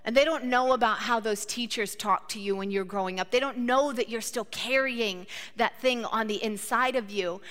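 A woman in her thirties preaching a sermon, telling a personal story in an animated, conversational way and acting out her own reactions. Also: fairly high pitch, moderate pace, hardly any pauses. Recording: long hall reverb.

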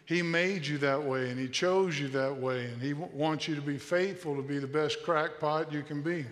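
A man's voice: fairly high pitch, normal speed, long reverb tail. A man in his late fifties preaching a sermon, earnest and repetitive, pressing points over and over with small restarts. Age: 50s. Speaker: pastor.

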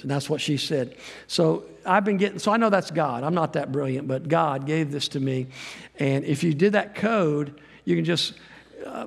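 A middle-aged man preaching a sermon in a church, folksy and rambling, with self-deprecating asides. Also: a little high. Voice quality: gravelly voice. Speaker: guest preacher and missionary. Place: church sanctuary. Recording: long reverb of a church hall.

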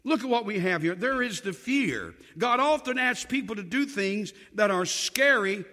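A man preaching a sermon, telling Bible stories with animated storytelling and acting out the dialogue. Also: high-pitched, normal speed. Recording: long hall reverb.

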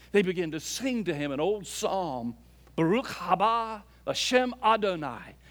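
A man preaching a sermon as a pastor, swinging between loud emphatic lines and soft, low asides. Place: church sanctuary.

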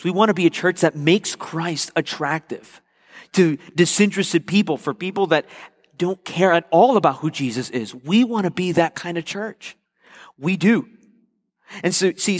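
A man's voice: a little high, long reverb tail. A man preaching a sermon as pastor, earnest and repeating key phrases for emphasis.

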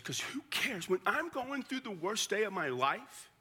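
Older pastor, bright, conversational. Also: male voice, high-pitched, big pitch swings, measured pace, hardly any pauses, breathy edge. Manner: conversational, emphatic, drops to a hush at emotional points. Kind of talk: sermon.

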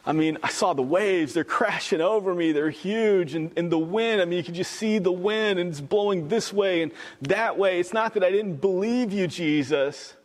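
A man's voice: high voice, normal speed, close to an everyday voice. A preacher voicing a pleading, frightened fisherman. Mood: defensive. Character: frightened, pleading adult male fisherman-disciple. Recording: echoey hall reverb.

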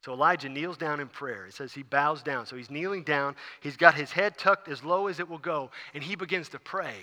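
A male pastor preaching a sermon, telling a Bible story in an animated way and acting out its scenes. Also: on the high side, fairly quick. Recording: long reverb of a large hall.

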